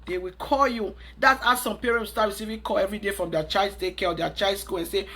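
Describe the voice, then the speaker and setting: A woman's voice: mid-range voice, brisk, few pauses, a bit bright, breathy edge. A woman with a Nigerian accent giving emphatic, preachy parenting advice in a monologue, repeating her points. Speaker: parenting vlogger.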